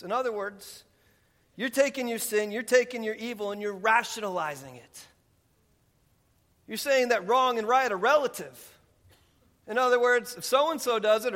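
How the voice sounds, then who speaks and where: A man, a pastor, preaching a sermon with animated, conversational delivery, voicing God in quips. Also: high-pitched. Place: church sanctuary. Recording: long reverb of a large hall.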